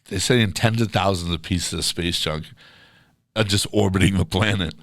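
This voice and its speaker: Low-voiced man telling a party story. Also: normal speed, a bit bright, no echo, studio quality. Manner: laid-back storyteller, drops into quoted voices. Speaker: podcast co-host. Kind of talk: casual chat, storytelling.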